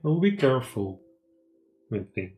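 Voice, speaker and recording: A man narrating as game master in a relaxed, casual way, often chuckling. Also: mid-range voice, a little slow. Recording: roomy echo.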